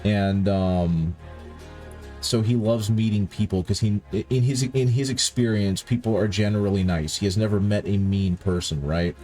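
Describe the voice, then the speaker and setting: A man's voice: lowish voice, steady tone, normal speed, mellow, soft background music. A man chatting casually with stream viewers while painting, rambling and correcting himself, sounding tired. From countryside upbringing. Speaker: livestream host painting miniatures.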